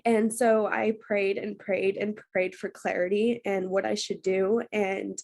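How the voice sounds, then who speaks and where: A woman's voice: mid-range voice, little pitch movement, measured pace, creaky, a little mellow. Earnest woman sharing a personal story. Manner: earnest, emotional, laughs through tears. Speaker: guest speaker on a team call. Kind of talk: personal testimony.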